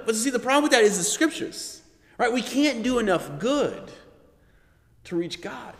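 A man leading a Bible study, teaching with animated delivery and often checking in with "right?". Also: very high voice, normal speed, big-room sound. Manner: animated, acts out quoted voices, frequent "right?".

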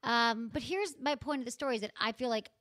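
A woman in her thirties tells a story at a rapid clip and acts out every line she quotes. The sound is close and dry, with no room around her. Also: a little high, dry recording. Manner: animated storytelling, acting out quotes. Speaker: podcast host. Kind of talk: casual chat.

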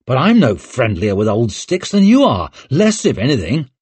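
A man's voice: mid-range voice, huge pitch swings, moderate pace, a little mellow, breathy edge, no echo, voice pushed up. A man voicing a brash young war-hero lord. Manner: blunt, boastful.

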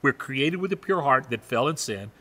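Preaching man, lively and bright, reverberant hall. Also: mid-range voice. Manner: emphatic preaching, slowing down on key phrases. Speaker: pastor. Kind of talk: sermon. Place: church sanctuary. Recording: long church hall reverb.

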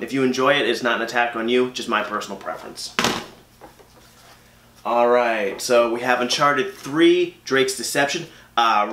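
A man talks casually through his game collection, chatty and opinionated with plenty of ums and uhs. His voice is bright and forward at an ordinary pitch. The recording carries a noticeable room echo. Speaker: gaming channel host. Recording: echoey room.

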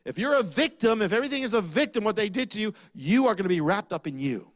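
A man preaching a sermon, asking rhetorical questions and dropping low on key lines. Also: animated, fast.

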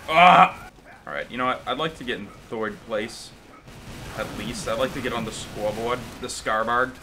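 A young man giving live gameplay commentary, excitable and profane, with sudden bursts of yelling. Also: mid-range voice, brisk, background noise. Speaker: gaming commentator.

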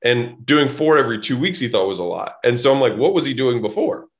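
A man's voice: medium pitch, animated, a little fast. A man guest on a podcast telling blunt, casual stories, swearing freely and acting out both sides of conversations. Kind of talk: casual storytelling.

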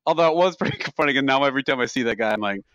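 A man co-hosting a podcast, telling stories in a casual, animated way and laughing often. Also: mid-range voice, racing, clean tone, no room sound, muffled recording. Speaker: podcast co-host. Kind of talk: casual chat.

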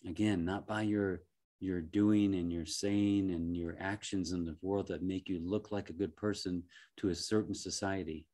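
A man working as a life coach, giving a gentle, reflective motivational talk with frequent soft chuckles and halting restarts. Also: deep voice, steady tone.

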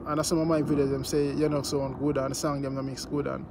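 A man's voice: mid-range voice, little pitch movement, fast talker, noisy background. A man with a Jamaican accent giving casual commentary on his vlog, repeating himself and often asking "you know what I mean". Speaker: news vlogger.

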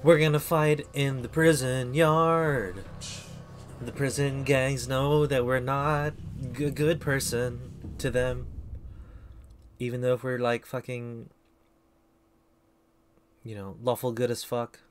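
A man's voice: medium pitch, level tone, slow pace, long pauses, slight background noise. A man streaming a video game, rambling in casual commentary and putting himself down. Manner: rambling, self-deprecating.

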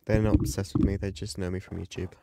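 A man giving casual gameplay commentary as a YouTuber, chatty and excitable, gasping and yelping at the game. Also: low voice, fast talker, gravelly. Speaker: gaming YouTuber.

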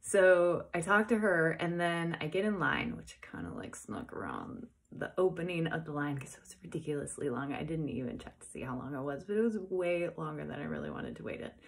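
A woman hosting a podcast, telling a personal story in a casual, excitable way and acting out the conversations she had. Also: low-pitched, a little fast, vocal fry. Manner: chatty, excitable, retells dialogue with many "I was like". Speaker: podcast host.

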